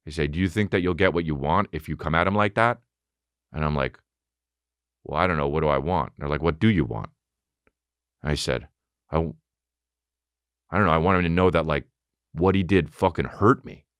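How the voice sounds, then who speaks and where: A man in his thirties hosting a podcast, telling a profane, animated story and acting out both sides of a conversation. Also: rumbling low, fairly quick, pauses often, smooth, no room sound. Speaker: podcast host. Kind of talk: casual comedic storytelling.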